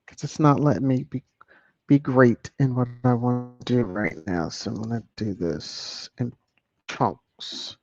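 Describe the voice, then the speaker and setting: A woman's voice: extremely low pitch, measured pace, dark tone. A woman hosting a live stream in casual chat, thanking viewers by name. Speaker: YouTube live stream host. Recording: dull lo-fi dry sound.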